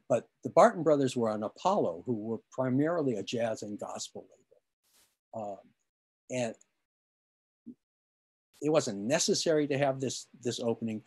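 A man lectures online about music history, explaining things patiently while using many fillers and restarting sentences, and he occasionally hums a rhythm. His voice is mid-range, husky and a little mellow.

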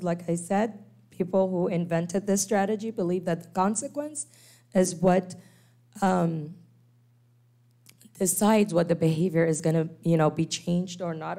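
A woman's voice: fairly low pitch, normal speed. A woman lecturing to church teachers on special needs kids, acting out parents and children as she explains. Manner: animated, acts out quoted parents and kids.

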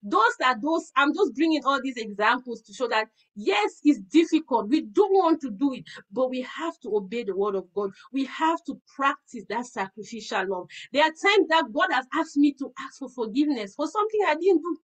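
A woman preaching to a women's fellowship, telling earnest personal stories in an animated way and often repeating words. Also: sits high, moderate pace, hardly any pauses, poor audio.

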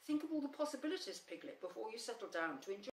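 A woman's voice: a little high, sing-song, fast, voice pushed up. A woman voicing a gloomy old donkey who speaks coldly and sarcastically. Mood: sardonic. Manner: cold, dry, sardonic. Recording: roomy, slightly distant, faint hum.

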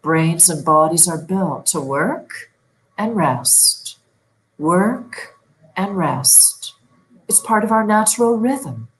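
Sleep coach, woman, middle-aged; low voice, slow soothing guidance straight to the viewer. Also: lively intonation, poor audio. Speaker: sleep and stress management coach. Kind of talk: guided relaxation lesson.

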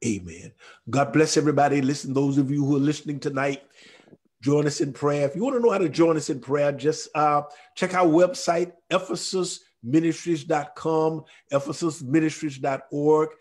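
A man preaching a Bible study sermon as pastor, fervent, swinging from near shouts down to a hush. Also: a little high, normal speed. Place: church or ministry room.

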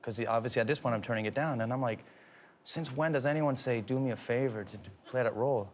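A man from Canada, a guest actor and singer, telling animated stories in a casual talk show interview and laughing often. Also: medium pitch, fast talker, slight background noise.

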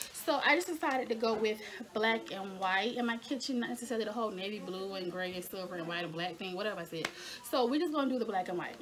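A young woman chatting casually in a home haul video, talking to her viewers as y'all. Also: fairly high pitch. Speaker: lifestyle vlogger.

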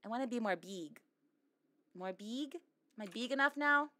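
A woman's voice: a little high, lively intonation, moderate pace, pushed and bright, dry recording. A woman streaming a game, chatting playfully with her chat, laughing often and greeting viewers with pirate-style ahoys. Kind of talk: casual live-stream chat while gaming.

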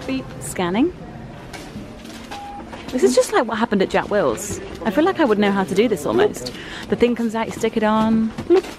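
A woman's voice: fairly high pitch, animated, fast, few pauses, over music. A young woman in casual vlog chat, playful and giggly, recorded on a handheld camera. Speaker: vlogger.

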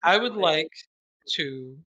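A player in an online tabletop game, eager and quick to laugh, asking about rules and rolls. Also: mid-range voice, lively intonation, pushed and bright, dry recording, lo-fi sound. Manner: eager, laughs often, asks rules questions.

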